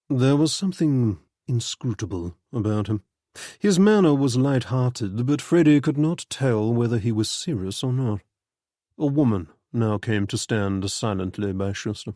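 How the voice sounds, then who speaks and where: A male audiobook narrator with a measured, even delivery, in a mid-range voice. The recording is close and dry, with no room sound. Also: medium pitch, no echo. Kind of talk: scripted narration.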